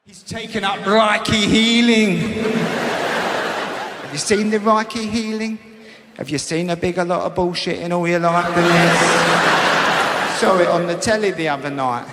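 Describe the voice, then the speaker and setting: A man's voice: high voice, steady tone, normal speed, very noisy. A man performing a stand-up routine, talking in blunt, sweary banter. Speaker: stand-up comedian. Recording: echoey live hall, loud audience.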